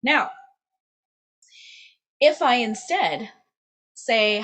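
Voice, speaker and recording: A young adult woman leads a singing lesson in a lively, demonstrative way. Her speaking voice sits a little high. She keeps checking in with the viewer, tagging "right?" onto nearly every phrase. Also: slow. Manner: upbeat, checks in with "right?" constantly, demonstrates sounds. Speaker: singing teacher. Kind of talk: vocal lesson to camera.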